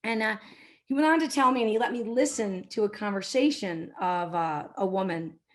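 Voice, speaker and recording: A middle-aged woman, a marketing executive, giving a business talk and telling an anecdote, now and then acting out quotes in a softer voice. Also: medium pitch, normal speed. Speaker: keynote speaker, marketing executive.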